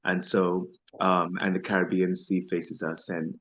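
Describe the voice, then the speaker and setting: A man's voice: low-pitched, flat delivery, a little slow, fairly bright tone, lo-fi sound. A middle-aged man from Belize with a Belizean accent, speaking as an interview guest in a thoughtful, hesitant way with many fillers. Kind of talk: casual conversational interview.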